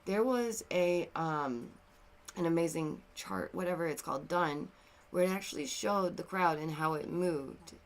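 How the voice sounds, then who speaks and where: A woman talks straight to her viewers in a casual commentary. She sounds exasperated and animated. Her voice jumps to loud outbursts, then sinks into quiet, somber asides. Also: deep voice, a little slow. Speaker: commentary video host.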